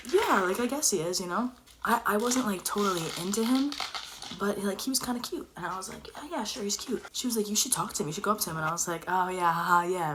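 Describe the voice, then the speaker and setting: A young woman telling a personal story in casual chat, animated and dropping into whispers for emphasis. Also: mid-range voice, background noise.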